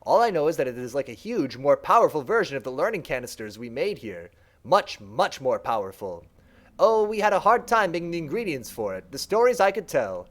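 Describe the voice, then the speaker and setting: A man's voice: fairly high pitch, very animated, brisk. Man doing a raised, eager voice for a lonely, fawning servant creature in a game read-aloud. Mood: confiding. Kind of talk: let's play dialogue read-aloud.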